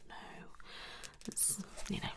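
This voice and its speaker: A woman voicing a blunt, flirty, unprofessional psychologist in a soft whispered role-play. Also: takes it slowly, natural voice. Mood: whispery. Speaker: ASMR creator.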